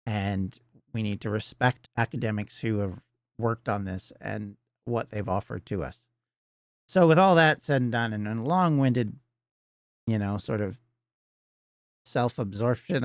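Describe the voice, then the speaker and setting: Man, Canadian accent, middle-aged, podcast host, earnest, rambling, lowish pitch, dry. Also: no echo. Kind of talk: solo podcast monologue.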